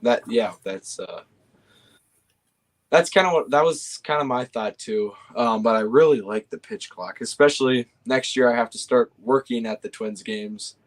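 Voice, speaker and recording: A young man chatting casually and easily, often pausing with fillers and restarting his sentences. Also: mid-range voice. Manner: easygoing, hesitant with fillers and restarts. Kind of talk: casual chat.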